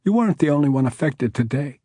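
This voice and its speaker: A man's voice: medium pitch, moderate pace, a little mellow, husky, dry recording, clean studio sound, lightly acted. A man doing a tearful, shaken woman judge. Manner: voice cracking, tearful pleading. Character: shaken young woman judge, near tears.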